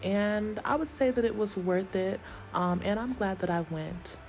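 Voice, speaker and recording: A woman's voice: mid-range voice, normal speed, a little mellow, faint music behind. A woman from the United States talking casually to her viewers in a travel vlog, laughing often and using slang. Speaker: travel vlogger.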